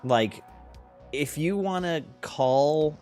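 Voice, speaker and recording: A man as game master narrating a tabletop game with relaxed, casual rulings and fillers. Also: a little high, extremely slow, faint music behind.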